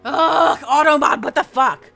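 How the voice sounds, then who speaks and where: Woman, high, bright, swears a lot, casual stream chat, faint music behind. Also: measured pace, gravelly. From New Jersey. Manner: frustrated, swears freely, lots of restarts.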